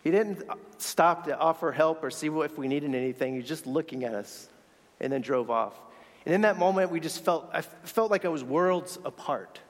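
Earnest man preaching in a reverberant hall. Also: on the high side. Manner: earnest, reflective storytelling with halting restarts. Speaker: speaker sharing a faith story. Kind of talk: sermon storytelling.

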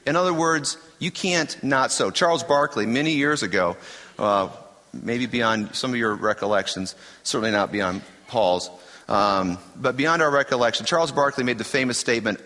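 A man's voice: mid-range voice, expressive, normal speed, pushed and bright, long reverb tail. A middle-aged man preaching a sermon, emphatic, asking rhetorical questions and repeating key phrases.

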